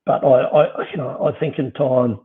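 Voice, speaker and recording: A man's voice: medium pitch, fairly even intonation, normal speed. A middle-aged man talking through business and leadership in a rambling way, full of "you know" and restarts. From Australia. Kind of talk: casual conversation. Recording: tinny phone-like line.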